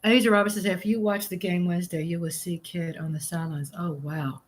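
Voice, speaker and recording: A woman's voice: lowish voice, fairly even intonation, brisk, a little hiss or hum. A middle-aged woman, chatting casually on a live stream, reading viewer comments aloud and eating as she talks. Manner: chatty and exclamatory, eating while talking. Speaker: livestream host.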